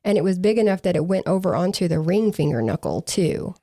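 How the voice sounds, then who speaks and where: A woman's voice: lowish voice, expressive, brisk, dark tone, dry recording. A woman co-hosting a true crime podcast, reading from case reports with dry, sarcastic asides.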